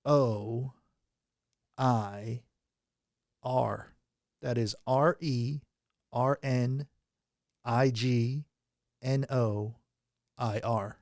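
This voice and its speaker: A man's voice: mid-range voice, steady tone, drawn-out words, pauses often, a little mellow, no echo, studio quality. A man hosting a comedic game show over a phone call, teasing his players and laughing often.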